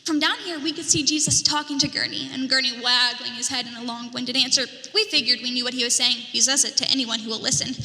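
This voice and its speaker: Female merchant storyteller, animated and theatrical, bright tone, long church reverb. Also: high voice, brisk. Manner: animated, dramatic storytelling with whispered asides. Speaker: merchant character in a church drama. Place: church sanctuary.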